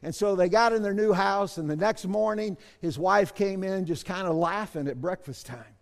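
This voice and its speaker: A man pastor preaching a sermon, moving between soft asides and loud shouted bursts. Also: high-pitched, moderate pace, vocal fry, in a large hall.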